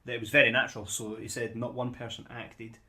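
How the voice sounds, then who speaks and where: A man's voice: mid-range voice, level tone, fast talker, bright, forceful tone. A man co-hosting a podcast in casual chat, often repeating words as he starts a sentence. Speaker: podcast co-host.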